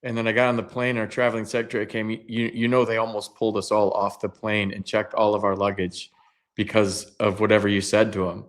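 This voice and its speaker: A man co-hosting a casual sports podcast, telling stories with lively acted-out quotes. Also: fairly low pitch, fast talker. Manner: animated storyteller, acts out quotes. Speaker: former baseball player and co-host.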